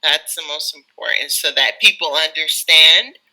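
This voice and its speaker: This woman's voice sits low and moves a little slowly, bright and forceful in tone, over a rough recording. She's an American English tutor from the United States, sharing encouraging tips in a live online lesson peppered with "you know."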